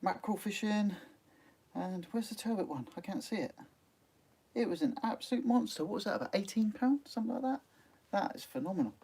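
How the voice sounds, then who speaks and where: A man's voice: sits high, animated, a little fast, gravelly, warm tone, slightly rough. Chatty man hosting a live stream. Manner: chatty, laughs often, many ums. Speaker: sea angling channel host. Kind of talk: live stream chat reading viewer comments. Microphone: phone.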